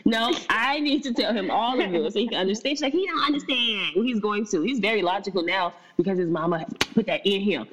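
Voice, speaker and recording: A woman co-hosting a casual podcast, telling animated stories about her kids and laughing often. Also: medium pitch, fast, slightly rough. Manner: animated storyteller, laughs often, mimics baby talk. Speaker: podcast co-host. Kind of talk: casual chat.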